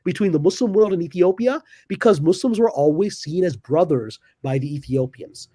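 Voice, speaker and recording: A man's voice: sits high, moderate pace, no echo, clean studio sound. A man telling a story dramatically as a podcast guest, acting out the people he quotes. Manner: lively, dramatic, voices quoted characters. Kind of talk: animated storytelling in a panel discussion.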